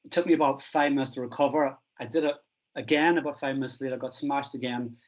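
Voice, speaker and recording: A middle-aged man from Northern Ireland, a strength coach telling stories from his career in a relaxed, self-deprecating interview. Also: mid-range voice, quick pace, lo-fi sound. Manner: anecdotal, self-deprecating, acts out quoted dialogue.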